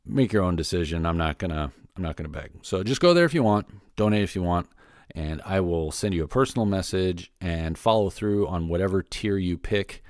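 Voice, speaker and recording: Male podcast host, lowish voice, dry close sound, casual rambling solo update. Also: fairly quick, darkish tone, no room sound. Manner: loose and rambling, many fillers and restarts.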